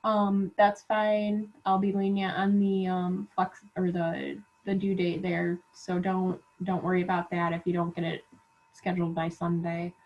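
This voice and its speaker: A woman college instructor giving relaxed class reminders with lots of "um" fillers, while feeling unwell. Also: lowish voice, measured pace. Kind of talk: recorded class announcements. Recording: dull lo-fi class recording.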